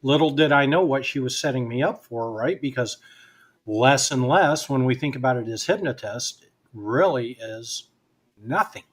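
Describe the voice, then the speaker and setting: A man's voice: mid-range voice, moderate pace, slightly rough. A man, a guest hypnotist, telling a personal story in casual conversation and acting out both sides of the remembered dialogue.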